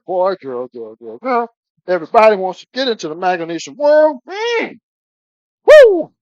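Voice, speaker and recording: A man cooking on a live stream, talking excitedly to his viewers, calling them baby again and again and breaking into whoops. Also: sits high, no room sound. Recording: dull lo-fi stream audio.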